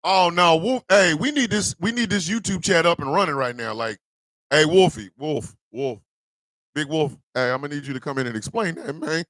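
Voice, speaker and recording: A man hosting a morning show, chatting casually and reacting with loud, slangy exclamations. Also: on the high side, moderate pace, dry recording. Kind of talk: casual live show chat.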